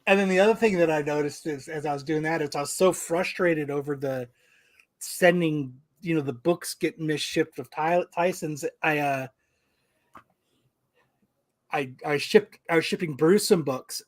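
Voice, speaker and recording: A male podcast co-host in casual chat, voice sitting a bit high for a man. He tells stories with a lot of swearing and plays every part himself. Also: normal speed. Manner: animated, profane, acts out quoted exchanges.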